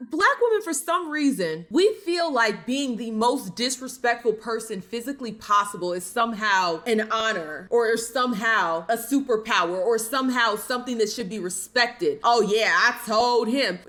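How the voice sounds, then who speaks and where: A woman's voice: on the high side, expressive, moderate pace, few pauses, fairly bright tone. A woman giving blunt, exasperated reaction commentary, swearing freely. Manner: blunt, exasperated, profane ranting. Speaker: commentary vlogger.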